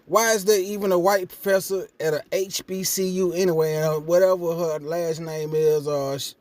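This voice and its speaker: Vlog host, young man, high pitch, casual and blunt, gets loud when worked up. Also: fairly even intonation, normal speed, no echo. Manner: blunt, profane, rising when indignant. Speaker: commentary vlogger. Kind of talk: casual reaction commentary.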